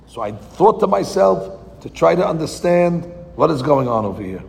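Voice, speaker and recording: A man giving a verse-by-verse Torah class, reading Hebrew lines slowly, then translating and explaining them with rhetorical questions. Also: on the high side, very animated, creaky, darkish tone. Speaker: Torah teacher. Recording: long hall reverb.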